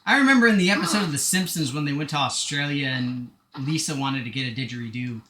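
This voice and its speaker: A man chatting on a live gaming stream, rambling and poking fun at himself between jokes. His voice is bright and forward, and the room adds a noticeable echo with a faint hiss underneath. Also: medium pitch, fast. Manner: rambling, self-deprecating, joking asides. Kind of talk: casual live-stream chatter while playing.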